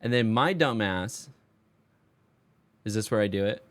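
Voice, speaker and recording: A man's voice: fairly low pitch, expressive, unhurried, fairly bright tone. A man streamer doing voice-over commentary on his card game play, self-mocking and exasperated, swearing freely.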